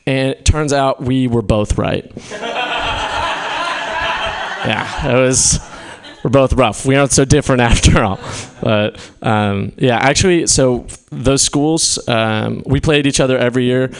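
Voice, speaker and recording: With a creaky, medium-pitched voice at a measured pace, a young Californian comedian does a stand-up set in a small club with a live audience. He meanders, curses frequently, and laughs along with his own gags.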